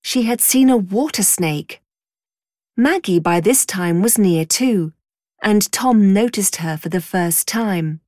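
A woman narrating a storybook in a clear, measured way. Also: mid-range voice, animated, darkish tone, no room sound, studio quality.

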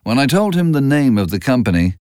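A man narrating a story aloud in a measured, expressive way. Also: mid-range voice, smooth, dry recording, studio quality. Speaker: audiobook narrator.

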